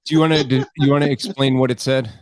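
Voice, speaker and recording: A man's voice: mid-range voice, fairly even intonation, dry recording. Guy hosting, mid voice, trips over his words a lot, dry sound. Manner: halting, repeats words while thinking. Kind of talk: casual online panel talk.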